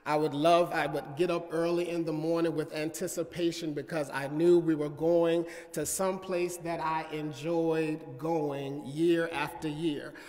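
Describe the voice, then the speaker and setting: A male pastor preaches in a high, unhurried voice, moving from measured prayer into a rising preaching cadence. The sound carries the long reverb of a church sanctuary. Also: little pitch movement, darkish tone. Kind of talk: sermon.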